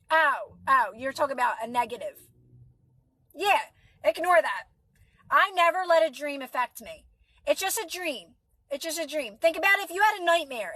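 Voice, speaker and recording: A woman's voice: high voice, bright, forceful tone, dry recording. A woman with a Philadelphia accent, a mother and manifestation coach chatting on a livestream, reassuring viewers and answering their comments by name. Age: adult.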